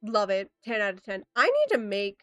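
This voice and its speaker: A woman livestreamer chatting casually with her viewers, rambling with quick asides, giggles and playful exclamations. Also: mid-range voice, huge pitch swings, a bit bright, no room sound, faint music behind. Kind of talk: casual rambling stream chat.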